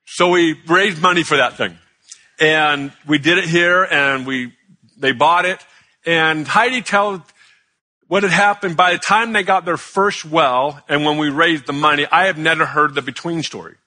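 A male pastor telling a story in a sermon, chatty and animated, joking with the congregation. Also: a little high, measured pace.

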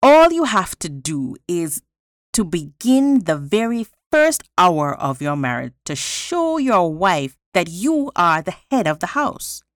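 A woman voicing a proud, boastful small-town male judge, reading aloud in a slow, lively storytelling voice. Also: sits high, no echo, studio quality, full character voice. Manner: pompous, self-satisfied.

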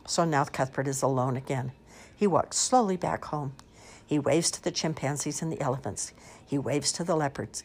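A woman reading children's picture books aloud in an expressive, sing-song storytelling manner. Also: low-pitched, normal speed, breathy edge.

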